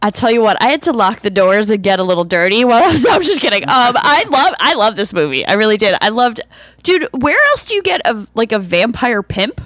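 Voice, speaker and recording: A woman's voice: on the high side, sing-song, fairly quick, a bit bright, no room sound. A woman co-hosting a movie podcast, enthusiastic and swearing freely as she chats. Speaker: podcast co-host. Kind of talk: casual chat.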